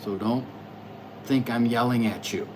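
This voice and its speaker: A man at an ordinary, mid-range pitch hosts a casual livestream, thinking aloud and rambling. He stammers through restarts and addresses his viewers loudly and excitedly. A faint air conditioning hum runs underneath. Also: measured pace. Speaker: livestream host reading astrology charts.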